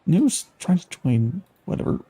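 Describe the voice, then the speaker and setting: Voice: mid-range voice, very animated, a little slow, dark tone, breathy edge. A live-streamer reading quest text aloud and stopping to react to viewer chat, with fillers and restarts.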